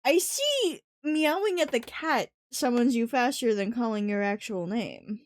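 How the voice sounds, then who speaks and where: A woman's voice: on the high side, expressive, a little slow, no echo, studio quality. A woman streamer chatting casually on a livestream, cooing baby talk at her cats and teasing them with casual swearing.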